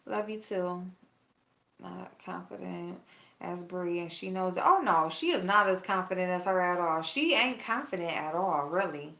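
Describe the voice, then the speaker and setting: A woman's voice: on the low side, moderate pace, creaky, pushed and bright. Chatty woman vlogger in an echoey room. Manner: chatty, blunt, gossipy, calls viewers y'all. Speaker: vlogger talking to her live chat. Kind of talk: casual chat while cooking.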